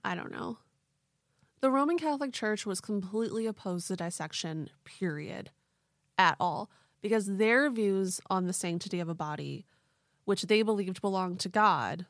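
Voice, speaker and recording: A woman's voice: mid-range voice, normal speed, no room sound, studio quality. Casual young woman podcast host. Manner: casual, leans on "like" and "quote unquote". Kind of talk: true-crime storytelling chat.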